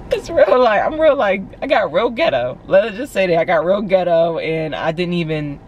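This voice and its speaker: A young woman from Philadelphia with a Philly accent, telling a story in a casual, animated vlog from her car and saying "like" a lot. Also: fairly low pitch, normal speed, slight background noise. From Philadelphia, USA. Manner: animated, chatty, heavy use of "like". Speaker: vlogger.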